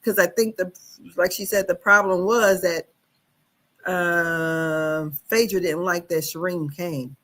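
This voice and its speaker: Woman, host, casual gossip commentary, rambling and hesitant, unhurried pace. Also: lowish voice, steady tone, a bit bright. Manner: rambling, hesitant, many fillers and restarts.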